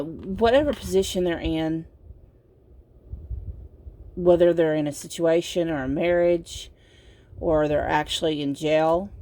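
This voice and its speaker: A woman gives a casual pick-a-card tarot reading in a drowsy, unhurried way. Her fairly low voice has a gravelly edge, and she meanders through her points with plenty of fillers. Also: warm tone, a little hiss or hum. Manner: slow, meandering, with many fillers and laughs. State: sleepy, yawning. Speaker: tarot reader.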